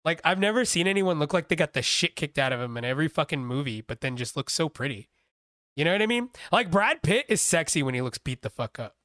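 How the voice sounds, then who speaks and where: A man's voice: a little high, big pitch swings, fast, fairly bright tone, dry recording, clean studio sound. A man hosting a podcast, rambling and joking casually with plenty of swearing and a Texan accent. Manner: rambling, profane, jokey. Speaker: podcast host. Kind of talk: casual chat.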